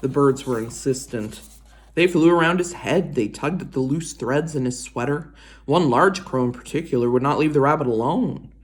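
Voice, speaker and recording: A woman reading a children's chapter book aloud in an expressive storytelling voice. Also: very deep voice, moderate pace, slight background noise. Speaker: reader.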